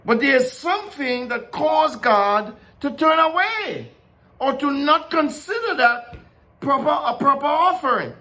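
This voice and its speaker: A man's voice: very high voice, sing-song, unhurried, sharp tone. A man giving an informal Bible teaching. He talks in a conversational way, asks many questions and laughs often. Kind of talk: informal sermon.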